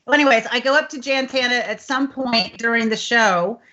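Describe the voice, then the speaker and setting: A woman's voice: a little high, a little fast, sharp tone. A woman in her fifties from Texas, hosting a chat show and telling a long, rambling personal story. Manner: rambling storyteller, many fillers like "anyways". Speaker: host. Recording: slightly muffled online call audio.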